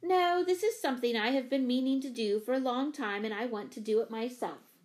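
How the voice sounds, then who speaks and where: A woman's voice: a little high, fairly quick, a little mellow, close to an everyday voice. A woman voicing a practical, chatty mother who works as a librarian, read for a children's storybook. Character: middle-aged mother and librarian, brisk, practical.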